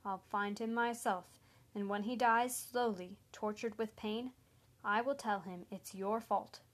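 A cold, mocking male killer, smug and taunting in every word, as a woman narrator reads him. He talks at a medium pitch, calm and menacing. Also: a little slow, natural voice.

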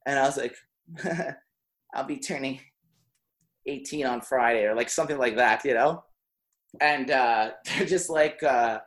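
A man's voice: fairly high pitch, moderate pace, fairly bright tone. A young man telling a long anecdote in casual podcast chat, full of "like" and laughing through it. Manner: rambling, heavy on "like", laughs mid-story.

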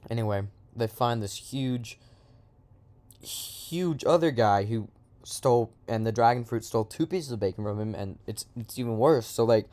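A man's voice: medium pitch, normal speed, darkish tone. A man improvising a silly comic story in a rambling, slangy way, with lots of asides.

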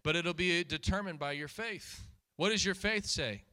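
Here a man preaches in a high, bright, forward voice at a moderate pace. Key lines come back again and again, and he fires questions at the people before him.

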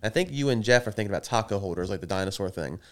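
A man's voice: fairly low pitch, lively intonation, very fast. A man co-hosting a casual podcast chat, teasing and telling rambling stories. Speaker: podcast co-host.

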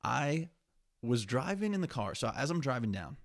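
Gravelly young man rambling on a podcast. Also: mid-range voice, sing-song, moderate pace. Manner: rambling, profane, candid. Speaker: podcast host. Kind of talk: casual solo podcast monologue.

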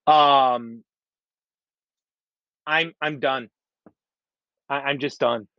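A man's voice: medium pitch, steady tone, very slow, no echo, lo-fi sound. A man ranting bluntly about football fans in a sports commentary, exasperated and repeating his points over and over. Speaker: sports podcaster.

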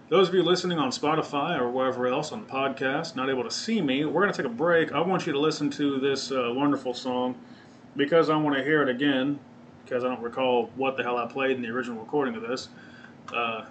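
Man, solo podcast host, mid-pitched voice, rambling, swears a lot, faint background hiss. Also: fairly bright tone. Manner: rambling, profane, self-correcting. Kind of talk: casual solo podcast chat. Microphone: webcam or desk mic, seen on video.

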